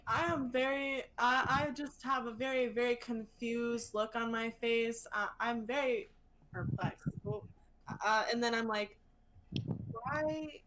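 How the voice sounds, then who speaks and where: A woman playing in a tabletop game, animated and rambling, swearing freely. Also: fairly high pitch, measured pace, slight background noise, low-quality recording. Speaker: player. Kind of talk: casual tabletop play.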